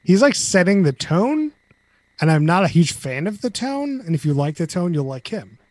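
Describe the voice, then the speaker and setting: A man hosting a casual podcast discussion. His voice sits a touch high and moves a lot in pitch. The sound is dry and close to the mic. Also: big pitch swings, moderate pace, a little mellow, no echo. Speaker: podcast host. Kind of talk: casual chat.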